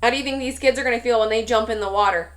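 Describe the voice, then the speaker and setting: A woman teacher reading a storybook aloud to a class, pausing to ask questions. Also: a little high. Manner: questioning, expressive.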